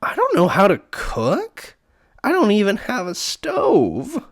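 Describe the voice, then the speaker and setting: A man doing a high, dopey girl's voice. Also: huge pitch swings, takes it slowly, exaggerated voice. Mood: flustered. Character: dopey, childish, snooty young woman.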